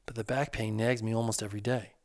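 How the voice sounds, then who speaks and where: An earnest, hurting divorced man, voiced by a male narrator, talking casually and haltingly about his pain. His voice is on the low side, recorded close and dry. The speech is candid and unpolished. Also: level tone, no room sound, natural voice.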